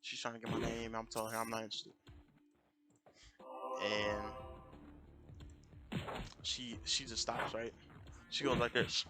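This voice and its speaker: Young american streamer rambling thru a story, keeps repeating himself, music loud-ish behind. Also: male voice, medium pitch, flat delivery, measured pace, pauses often. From United States. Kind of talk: casual storytelling.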